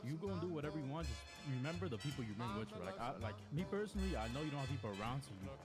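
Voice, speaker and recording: A man's voice: mid-range voice, animated, very fast, loud music behind the voice. A man talking in character during a roleplay game. He speaks assertively and reassures his friend. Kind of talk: casual in-character talk.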